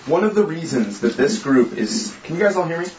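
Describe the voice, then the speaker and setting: A man's voice: fairly high pitch, animated, a little fast, darkish tone, a little hiss or hum. A man leading a small group with an informal, joking yet earnest sermon and prayer. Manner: casual, joking, earnest preaching. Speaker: group leader and preacher. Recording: echoey room, slightly dull sound.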